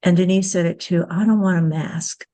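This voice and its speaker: A woman's voice: on the low side, fairly even intonation, normal speed, mellow. A woman hosting a candid podcast, speaking earnestly and reflectively, often restarting and repeating her words. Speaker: podcast host.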